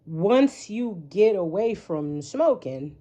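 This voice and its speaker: A woman's voice: mid-range voice, lively intonation, takes it slowly, dark tone. A woman giving a casual tarot reading, rambling and frank, swearing freely and often asking "right?". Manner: rambling, frank and profane, with frequent rhetorical "right?". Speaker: tarot reader.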